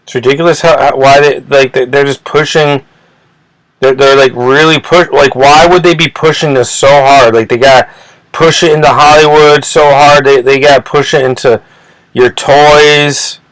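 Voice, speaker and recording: A man rants on his own channel in a profane, rambling way, tripping over repeated words as his indignation builds. His voice sits in an ordinary middle pitch. The sound is dry and close, with no room echo. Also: steady tone, normal speed, a bit bright. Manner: agitated, indignant. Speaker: channel host. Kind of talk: ranting commentary video.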